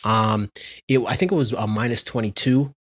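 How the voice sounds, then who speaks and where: A man co-hosting a podcast, telling a story in animated casual chat, laughing often and restarting his sentences. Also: fairly low pitch, moderate pace, no room sound. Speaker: podcast co-host.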